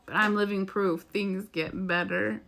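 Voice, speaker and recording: Bright-voiced woman in a heartfelt vlog. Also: mid-range voice, steady tone, a little slow, vocal fry. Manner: earnest, emotional, rambling, swears now and then. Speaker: spiritual vlogger. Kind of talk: heartfelt casual monologue.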